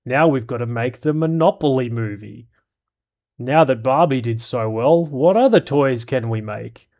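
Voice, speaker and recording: Brief: man, live streamer, casual and profane, middle-pitched voice. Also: unhurried, a little mellow. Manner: blunt and profane, reads chat aloud.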